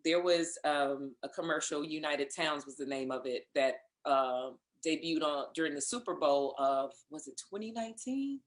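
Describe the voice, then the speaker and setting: A woman being interviewed, telling a lively story in casual conversation, acting out what others said and laughing along. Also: deep voice, moderate pace, hardly any pauses, echoey room. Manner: animated storyteller, acts out others' lines, laughs. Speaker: interview guest, singer and voice actor.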